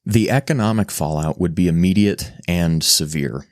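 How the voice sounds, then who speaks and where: Deep, grave documentary narrator, a man. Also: normal speed, no echo, clean studio sound.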